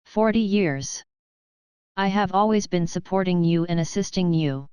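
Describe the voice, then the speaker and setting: A cruel, gloating villain who pilots a huge mech suit, voiced by a woman narrator. The voice sits low and comes out very smooth and clear. The recording is dry and close. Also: measured pace, warm tone, no echo, natural voice. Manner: gloating, sneering.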